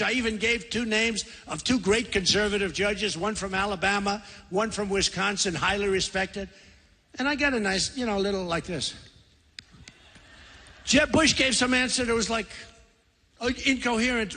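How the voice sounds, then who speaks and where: A man's voice: high-pitched, normal speed, pushed and bright. Boastful rambling man in a big hall. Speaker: political candidate. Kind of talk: campaign rally speech. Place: large convention center. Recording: long hall reverb.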